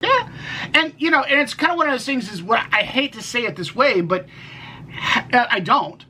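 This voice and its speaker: A man's voice: extremely high pitch, very animated, moderate pace, sharp tone, low-quality recording. Podcast co-host, male, rambling and swearing, faint hiss behind. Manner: rambling, many restarts and fillers, swears. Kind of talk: casual political chat.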